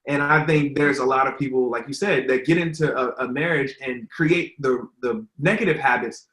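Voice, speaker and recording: A man's voice: medium pitch, normal speed, a bit bright. Earnest rambling man in a roomy room. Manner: earnest, rambling, many fillers. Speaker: relationship content creator, guest. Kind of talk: casual interview answers. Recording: roomy echo.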